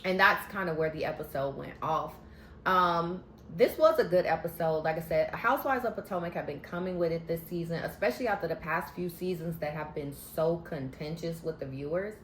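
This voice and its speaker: A woman talking casually to her viewers in a sassy, animated way as she recaps a TV episode. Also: lowish voice, a little fast. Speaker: vlogger recapping a TV show. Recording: roomy echo, faint background hum.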